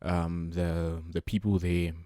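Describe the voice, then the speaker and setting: A man's voice: low voice, level tone, slow pace, warm tone, clear, resonant tone, dry recording, studio quality. A young South African man with a South African accent, chatting casually as he reacts to a video, repeating himself with many fillers. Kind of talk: casual commentary.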